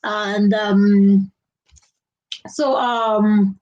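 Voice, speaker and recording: A woman's voice: medium pitch, little pitch movement, drawn-out words, a little mellow, lo-fi sound. A middle-aged woman, chatting casually on a live stream, laughing often and talking to viewers. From Nigeria. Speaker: live-stream host reading viewer comments.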